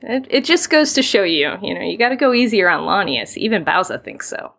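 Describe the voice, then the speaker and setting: A woman's voice: medium pitch, very animated, a little fast, creaky, crowd noise. Giggly woman podcast co-host. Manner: giggly, playful. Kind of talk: casual chat.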